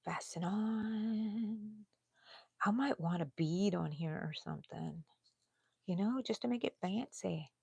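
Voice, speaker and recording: A woman's voice: expressive, moderate pace, vocal fry, dark tone, husky, no room sound. Texan lady, 60s, crochet livestream host, chatty, mumbles n whispers counting stitches, dry close sound. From Texas. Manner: chatty, drops to low mutters and whispers while counting stitches. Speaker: crochet live-stream host. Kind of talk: casual chat while crocheting live.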